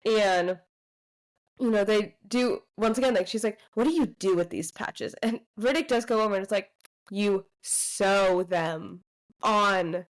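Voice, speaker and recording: A woman's voice: mid-range voice, a little slow, poor audio. Young woman retelling book scenes casually. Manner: retells scenes by quoting characters, frequent "you know". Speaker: podcast co-host.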